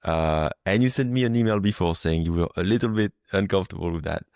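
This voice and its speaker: A man's voice: low-pitched, fast, creaky, darkish tone, smooth, no echo, clean studio sound. A French man hosting a podcast interview, chatting casually in English with a French accent and many fillers. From France. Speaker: podcast host. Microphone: video call.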